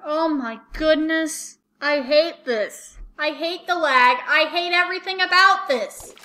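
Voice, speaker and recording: A woman's voice: high-pitched, slow, pushed and bright. A woman playing a horror game and commenting, panicky, swearing and repeating words in frantic bursts. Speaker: let's play gamer.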